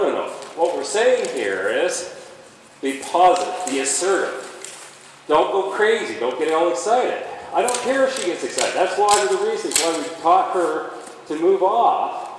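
A man training a horse and explaining each step out loud, in an emphatic, animated way. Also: high voice. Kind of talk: instructional demonstration. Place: indoor horse arena. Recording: echoey arena from far off, faint noise.

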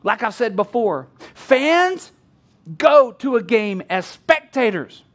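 A male pastor in middle age delivers a sermon in an unusually high voice. His pitch rises and falls with great animation, and he often breaks into laughter while acting out the people in his story. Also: very animated, takes it slowly, fairly bright tone.

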